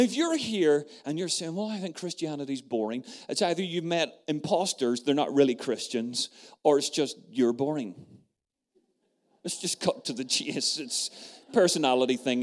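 A man preaching a sermon, emphatic and lively, telling stories to his congregation and dropping to a hush for dramatic moments. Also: medium pitch.

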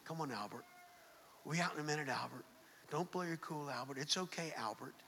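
A harried young dad mutters the same soothing phrases again and again, as a preacher puts him on. The voice sits high and bright and rings through a large hall with a long reverb. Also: male voice, fairly quick. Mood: muttered calm.

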